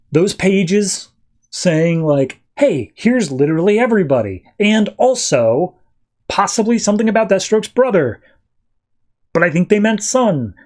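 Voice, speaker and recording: A man's voice: high voice, big pitch swings, slow, pauses often, darkish tone. Wry man hosting a comics podcast. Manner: wry and self-deprecating, loose recap talk. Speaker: podcast host. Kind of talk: casual comic book review.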